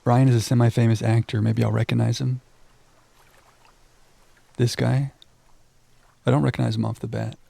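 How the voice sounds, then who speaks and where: Gravelly low-key male streamer. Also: little pitch movement, normal speed, pauses often, dark tone, no echo. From Texas. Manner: reads on-screen text aloud, then chats with viewers. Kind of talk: casual let's-play commentary reading game text aloud.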